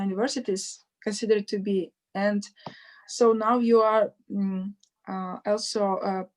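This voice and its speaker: A woman interviewer who speaks haltingly and often searches for her words while asking questions over a video call. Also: medium pitch. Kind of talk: conversational interview.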